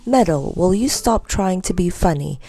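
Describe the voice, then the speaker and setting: A stern aunt with a short temper, snapping and scolding in a raised, sharp voice, put on by a woman reading a storybook aloud. A gravelly edge runs under her lines. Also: lowish voice, animated, moderate pace. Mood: cross.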